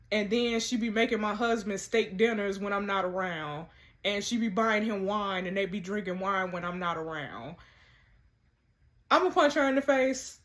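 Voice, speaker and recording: A woman giving sassy, animated commentary while playing through a texting story game. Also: mid-range voice. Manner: animated, sassy, laughs often. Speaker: content creator.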